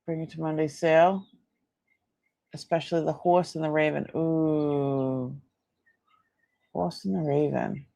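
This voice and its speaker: Tired woman host, gravelly, dry close sound, rambling live-stream chat. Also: low voice, steady tone, unhurried, pauses often, warm tone, dry recording. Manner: chatty, rambling, laughs often. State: tired, yawning. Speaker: host selling antiques in a live sale.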